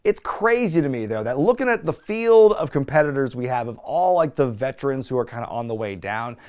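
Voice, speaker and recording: A man's voice: mid-range voice, animated, a little fast, a little mellow, clean tone. A man hosting a casual wrestling review, sarcastic and profane, laughing often.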